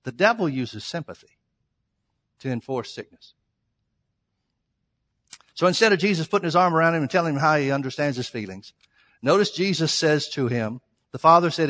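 Animated and pausing often at normal speed, a male pastor with a slightly high, bright voice delivers an emphatic storytelling sermon. He acts out quoted exchanges in a church sanctuary, captured with long hall reverb.

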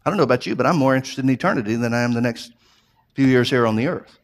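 A man's voice: mid-range voice, racing. Man preaching an earnest sermon. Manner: earnest preaching with rising emphasis; repeats himself, restarts phrases. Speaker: pastor.

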